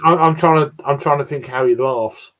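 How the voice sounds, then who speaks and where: A man's voice: medium pitch, a little fast, a bit bright, slight background noise. A man from South East England with a working-class accent that mixes Essex and East London. He chats casually on a video call and often stops to restart his words. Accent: South East English, Essex and East London mix. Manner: hesitant, repeats words and restarts. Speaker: guest on a live beer stream. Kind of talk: casual chat.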